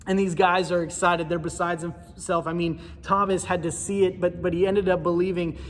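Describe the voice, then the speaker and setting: A man preaching a sermon in a church, with a casual, animated storytelling manner. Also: sits high, moderate pace, long reverb tail, a little hiss or hum. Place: church sanctuary.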